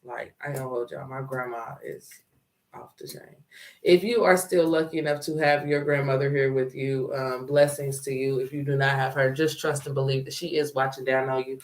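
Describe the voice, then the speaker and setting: A woman's voice: very deep voice, fairly even intonation, brisk. A woman co-hosting a podcast in casual chat, laid-back, laughing often and full of slang. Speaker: podcast co-host. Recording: echoey room, mic at a distance.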